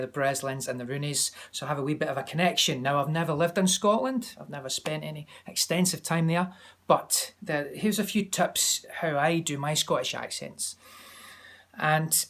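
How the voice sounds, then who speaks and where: A man vlogging from home, giving a chatty, animated accent tutorial that wanders into asides. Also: fairly high pitch. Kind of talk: casual to-camera tutorial. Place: home, during lockdown.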